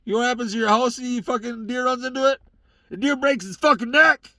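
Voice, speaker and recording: A young man with a Southern accent and a tired, sore, raspy voice, hosting a casual solo rant in a truck, profane and heated. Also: very high-pitched, fast, pushed and bright, no room sound. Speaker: podcast host. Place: inside a parked truck.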